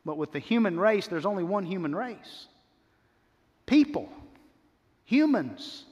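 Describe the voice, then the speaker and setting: High-voiced pastor preaching in a hall. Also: male voice, big pitch swings, darkish tone, dull audio. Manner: emphatic preaching with repeated phrases and slowed key words. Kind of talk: sermon. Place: church sanctuary. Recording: long reverb of a church hall.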